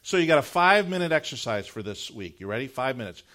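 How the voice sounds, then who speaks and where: A middle-aged male pastor preaching a sermon, telling a personal story in an animated, conversational way before leading into prayer. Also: mid-range voice. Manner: earnest, measured prayer closing the sermon.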